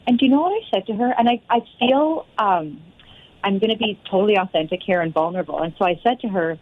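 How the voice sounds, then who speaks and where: A woman's voice: fairly high pitch, fast. Woman telling a story over a tinny phone. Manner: animated storytelling that acts out quoted exchanges. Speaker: guest, fitness studio owner. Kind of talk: storytelling interview answer. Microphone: phone line.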